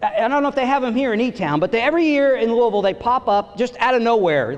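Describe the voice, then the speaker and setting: Animated stand-up man in a theater. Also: extremely high pitch, dull audio. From New York and Florida. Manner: animated, does quick gangster and Southern voices mid-joke. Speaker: stand-up comedian. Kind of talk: live stand-up set. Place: large historic theater stage with audience. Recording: live theater with hall reverb and faint ambience.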